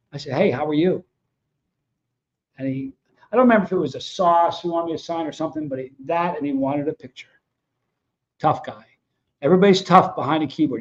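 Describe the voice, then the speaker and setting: Fired-up blunt man hosting a livestream. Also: a little high. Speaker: host of a livestream show. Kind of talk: casual livestream talk to viewers. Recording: dull lo-fi sound.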